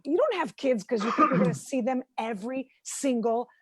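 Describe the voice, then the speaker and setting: Woman comic riffing from home on a video call, high voice, dry close sound, animated and self-mocking. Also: fairly quick, husky, dry recording. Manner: animated, self-deprecating, chatty. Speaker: stand-up comedian. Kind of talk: stand-up set on a video call.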